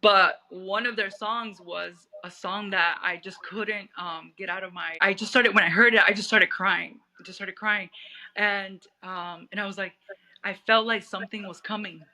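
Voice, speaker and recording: A woman's voice: mid-range voice, steady tone, normal speed, sharp tone, poor audio. A woman from Puerto Rico, in her thirties, telling her life story as an interview guest, rambling with many restarts and fillers.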